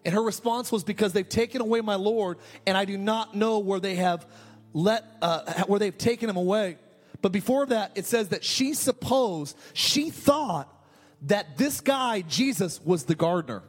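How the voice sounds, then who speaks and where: A man's voice: high-pitched, normal speed, faint music behind. A man preaching a sermon as a pastor, asking rhetorical questions and repeating key phrases.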